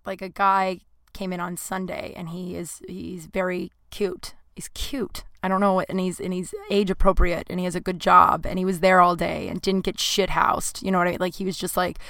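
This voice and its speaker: A woman's voice: fairly low pitch, little pitch movement, a little fast, vocal fry, a bit bright, no room sound. A woman in her late thirties talking nervously in a rambling, flustered monologue, swearing freely. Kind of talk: casual confessional monologue.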